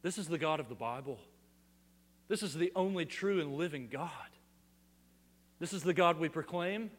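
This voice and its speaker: A man with a high-pitched voice preaching a sermon. His delivery swells into loud, emphatic repetitions and then sinks to a hushed intensity. The sound carries a long reverb, as in a large hall. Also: moderate pace. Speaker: pastor.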